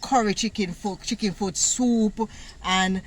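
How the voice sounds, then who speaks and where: A woman from Jamaica with a Jamaican accent, telling a personal story in a casual, animated way, laughing often and using patois words. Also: mid-range voice, a little slow, slight background noise. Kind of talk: casual story time monologue.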